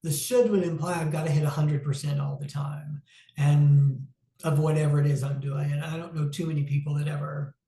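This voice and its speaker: A man giving an informal, reflective talk on mental health, conversational and pausing with frequent "um"s. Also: fairly high pitch, level tone, warm tone. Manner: reflective, conversational, acts out inner self-talk; frequent "um" pauses. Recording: roomy echo.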